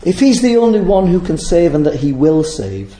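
A man's voice: on the high side, sing-song, normal speed, dark tone, echoey room. A man preaching a sermon in a church, speaking emphatically and repeating phrases for stress.

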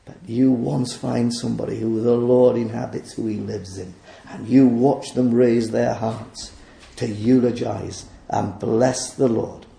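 A man's voice: mid-range voice, level tone, a little slow, creaky, dark tone, reverberant. A man preaching a sermon in a church, fervent and emphatic as he exhorts the congregation.

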